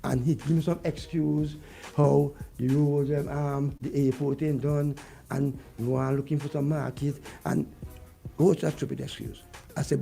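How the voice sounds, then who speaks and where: A man's voice: a little high, steady tone, normal speed, gravelly, dark tone, soft background music. A man with a Vincentian accent, talking heatedly about politics on a radio show and repeating his points. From Saint Vincent. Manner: vexed, ranting, repeats points. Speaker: radio guest.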